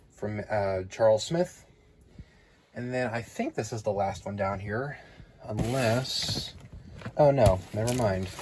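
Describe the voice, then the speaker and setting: A man with a lowish voice, recorded against a noisy background, casually tours his house, garage and storage rooms for a vlog, naming ceiling fans from his collection as he films. He rambles along with fillers, cataloguing each item aloud, and sounds slightly out of breath.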